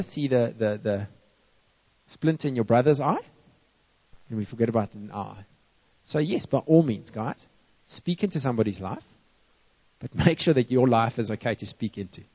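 A man's voice: medium pitch, moderate pace. A man preaching a sermon to a church, acting out complaining people and playfully scolding them. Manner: lively, acts out moaning people and scolds playfully. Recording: dull, long-reverb hall.

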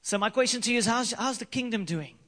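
A man preaches to his church in a high, bright register, telling a story with lively energy. He circles back to his key lines again and again for emphasis. His voice rings out in the long reverb of a hall. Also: fast. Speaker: pastor. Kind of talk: sermon.

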